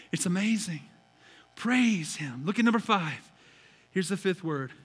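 A male pastor preaching a lively sermon, swinging from quiet reverence to loud shouts and playful acted-out quotes. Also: sits high, measured pace, soft background music. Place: large church hall. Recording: church hall reverb.

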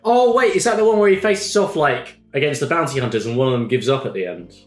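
A jokey man co-hosting a casual podcast, chiming in quickly. His pitch bounces lively up and down. The room is echoey, with faint music behind. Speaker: podcast co-host. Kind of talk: casual chat.

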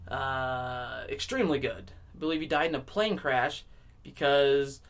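A man hosting a podcast alone, rambling casually with constant swearing and swings between loud outbursts and low mutters. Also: measured pace. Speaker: podcast host. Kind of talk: casual rambling solo monologue.

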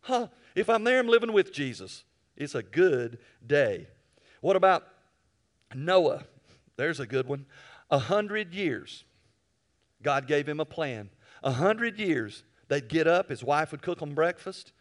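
Folksy preacher building to loud peaks. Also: male voice, a little high, big pitch swings, unhurried. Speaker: pastor. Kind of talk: sermon.

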